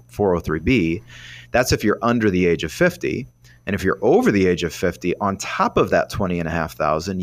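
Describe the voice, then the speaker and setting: Lively, rambling male financial advisor. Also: low voice. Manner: rambling, animated explaining. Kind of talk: explanatory radio talk.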